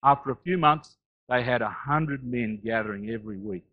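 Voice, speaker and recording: A man preaching a sermon as a pastor, swinging between loud rising declarations and low, quiet asides. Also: normal speed, phone-quality sound. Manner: rises loud on key phrases, drops low and quiet between.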